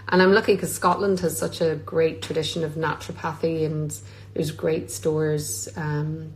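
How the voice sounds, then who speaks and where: Speaking from Scotland in a slightly low voice, an actress hosts a relaxed livestream Q&A through her phone on social media. The recording is rough with slight background noise, and she reads fans' questions aloud, answering with many "um"s.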